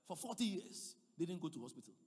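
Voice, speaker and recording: A man preaching a sermon, swinging between loud emphatic passages and quiet asides. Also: a little high, big pitch swings, fast, slightly rough, big-room sound.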